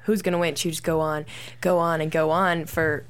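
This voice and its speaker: A woman's voice: low-pitched, little pitch movement, normal speed, smooth. Young woman recalling childhood. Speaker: guest. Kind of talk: casual recollection.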